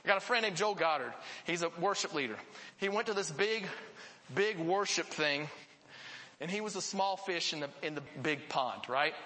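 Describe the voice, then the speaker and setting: A male pastor preaches with a high, bright voice that rings out in a church hall with a long reverb. He tells his stories with earnest, animated energy. It is a live sermon to his congregation. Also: moderate pace.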